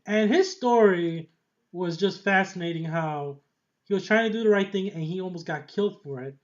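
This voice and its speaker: Rambling, excitable man reviewing a show. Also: high voice, normal speed, lo-fi sound. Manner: rambling, excitable, laughs often. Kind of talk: casual review vlog.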